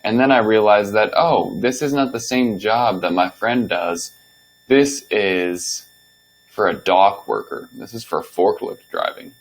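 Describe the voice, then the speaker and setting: A young man hosting a podcast, telling a story from his past jobs in a loose, animated, swear-filled way and acting out what he said back then. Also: lowish voice, measured pace, rough recording. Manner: animated, profane, acts out his own past lines. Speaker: podcast host. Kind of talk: casual storytelling monologue.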